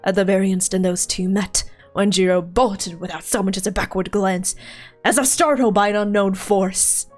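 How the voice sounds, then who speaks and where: A solemn game storyteller reciting an old tribal legend, read by a woman, measured and grave in delivery. Faint game music plays underneath. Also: medium pitch, steady tone, pitched below the performer's own voice, natural voice.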